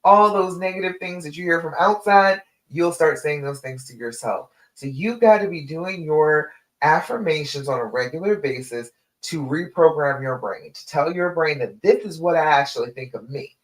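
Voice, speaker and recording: On a livestream, a woman relationship coach with a low, animated voice speaks at a moderate pace over poor audio. She encourages viewers, calls the listener honey, and teaches by walking through steps in lists, repeating them.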